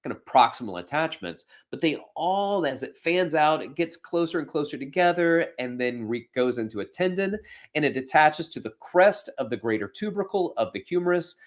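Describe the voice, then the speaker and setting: A man's voice: a little high, expressive, normal speed. A man hosting a fitness podcast, explaining anatomy in a casual, playful way with jokey asides. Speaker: podcast host and fitness instructor.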